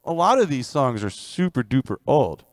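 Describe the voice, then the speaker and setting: A man's voice: mid-range voice, sing-song, normal speed, no room sound, clean studio sound. Chatty man streaming between songs. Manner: chatty, rambling asides, sings folk songs loudly. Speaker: musician live streaming. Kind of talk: casual chat between songs.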